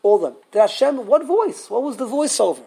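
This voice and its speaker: A man teaching a live Torah class, animated and full of questions to the students, often restarting his sentences. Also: extremely high pitch, brisk, gravelly, slightly rough.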